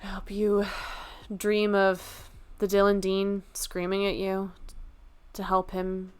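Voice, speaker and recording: While drawing on her livestream, a woman chats casually and cracks self-deprecating jokes. Her mid-range voice is smooth, slow, and monotone.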